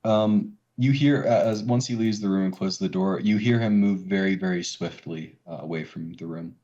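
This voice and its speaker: Young male game master, low voice, hesitant filler-heavy narration. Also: normal speed, dark tone, highs cut off.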